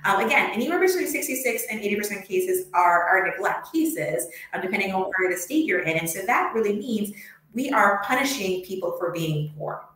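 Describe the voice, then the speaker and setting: A woman's voice: mid-range voice, brisk. Passionate woman in a very echoey room. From United States. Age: young adult. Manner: passionate, animated, many ums and restarts. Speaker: podcast guest. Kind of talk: conversational interview.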